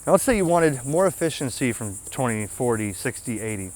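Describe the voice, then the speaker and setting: A man's voice: mid-range voice, sing-song, a little fast, darkish tone. Folksy man demoing gear outdoors. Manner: folksy, talks to viewers with frequent "okay?". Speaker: ham radio channel host. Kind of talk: casual hands-on product demo.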